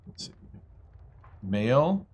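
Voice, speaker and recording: A male streamer talks casually at his home computer, half to himself, as he works through settings. His voice sits in a middle pitch, and his delivery is loose and offhand. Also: big pitch swings, slow, a little mellow, breathy edge. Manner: muttering to himself while trying voices. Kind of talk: casual gameplay livestream chat.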